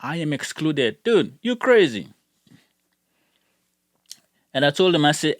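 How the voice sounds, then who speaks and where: A man's voice: on the high side, sing-song, unhurried, pauses often, dry recording. Heated rambling man with a dry sound. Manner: heated, rambling, repeats words when worked up. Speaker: gun channel YouTuber. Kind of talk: casual ranting vlog.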